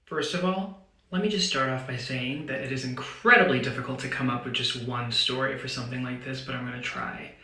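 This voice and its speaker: A man from India calmly telling a story in a social media clip, with a measured, deadpan delivery. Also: mid-range voice, echoey room, rough recording.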